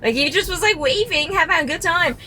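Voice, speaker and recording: A woman co-hosting a podcast recorded inside a car, telling a funny story with animated delivery and frequent laughter. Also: very high-pitched, fairly quick, a little hiss or hum. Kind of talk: casual chat.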